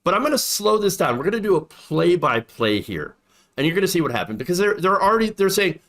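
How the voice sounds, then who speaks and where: A man's voice: high-pitched, big pitch swings, quick pace, fairly bright tone. A man doing online political commentary, indignant and sarcastic, often repeating himself for emphasis.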